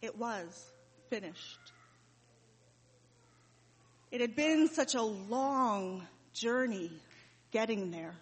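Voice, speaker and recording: A woman's voice: on the high side, lively intonation, husky, full character voice. Mary, a grieving mother, as a woman plays her. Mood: sorrowful. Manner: slow, heavy pauses, emotional recollection. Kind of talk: dramatic monologue. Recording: reverberant hall.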